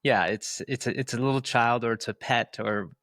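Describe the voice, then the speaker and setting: A man's voice: medium pitch, moderate pace, a bit bright, no room sound, clean studio sound. A man co-hosting a podcast, speaking earnestly and reflectively, repeating words for emphasis. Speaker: podcast co-host. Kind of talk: reflective casual conversation.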